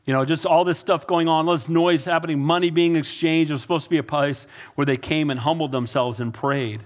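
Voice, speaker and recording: A male pastor delivers a sermon in a notably high voice. He preaches emphatically, driving points home through repetition and calls to the congregation. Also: brisk.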